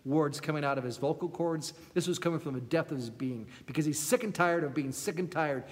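A male pastor preaching with a high-pitched voice. He builds his sermon with impassioned, repeated phrases. His words ring out with a long reverb in a church sanctuary. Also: brisk, few pauses. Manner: impassioned, repetitive preaching cadence.

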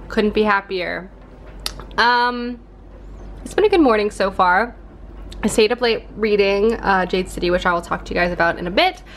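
A woman's voice: mid-range voice, fairly bright tone. A young woman talking casually to her camera at home in a chatty, upbeat way, with lots of fillers. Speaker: booktube vlogger. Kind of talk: casual vlog chat. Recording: faint background noise.

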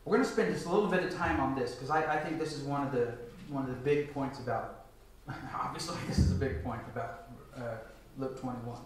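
A man's voice: mid-range voice, a little fast, hardly any pauses, slight background noise. A man in his forties preaching a lecture sermon, reading scripture aloud and asking the audience rhetorical questions. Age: 40s. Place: church hall. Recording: echoey hall, mic at a distance.

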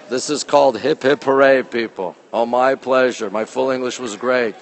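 A man hosting a casual live stream from a phone as he walks through an art museum, reading out artwork titles slowly and greeting viewers by name, sometimes dropping his voice low. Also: steady tone, a faint crowd. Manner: talks low at times to keep quiet. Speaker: livestream host touring a museum. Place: indoor art museum gallery.

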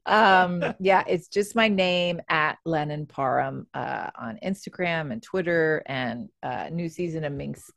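A woman's voice: low voice, a little slow, creaky, few pauses, fairly bright tone, no echo, clean studio sound. A woman guest on a podcast, chatting casually and laughing often with lots of fillers. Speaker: actor and comedian guest.

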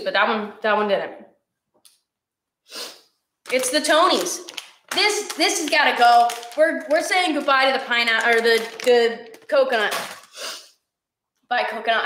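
A woman's voice: fairly high pitch, normal speed, long pauses, fairly bright tone, echoey room, a little hiss or hum. A young woman hosting a live-streamed cooking class, chatty and encouraging with her viewers, teary and sniffly from cutting onions.

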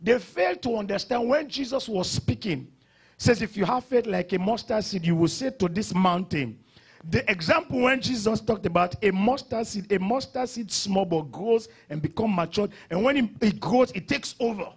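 A male pastor preaching a sermon, swinging between sudden loud declarations and quiet asides. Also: sits high, animated, normal speed, slightly rough.

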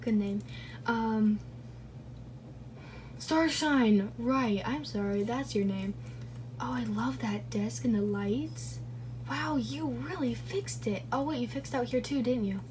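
Young woman YouTube gamer, slow rambling play-along chat, slightly high voice, faint hiss. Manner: chatty and rambling, with frequent laughs and self-corrections. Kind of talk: casual gameplay commentary.

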